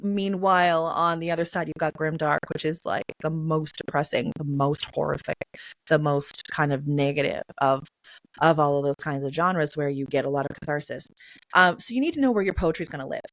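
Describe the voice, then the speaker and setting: Chatty woman with a lowish voice. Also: fairly quick, dry recording. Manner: chatty, many fillers, acts out sounds. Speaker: guest, poetry reader. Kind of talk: casual interview answers.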